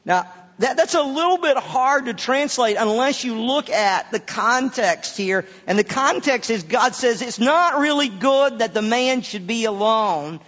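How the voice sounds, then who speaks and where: Male pastor with a high voice, stumbling over repeats as he preaches, dull sound with a long hall echo. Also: expressive, a bit bright. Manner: halting, repeats words often. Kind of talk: sermon.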